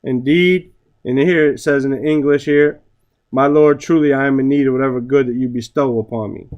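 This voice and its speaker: A man's voice: medium pitch, steady tone, a little fast, darkish tone, muffled recording. A man teaching a class on Arabic grammar, reciting Arabic phrases and translating them, often checking in with "right?". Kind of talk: classroom lesson.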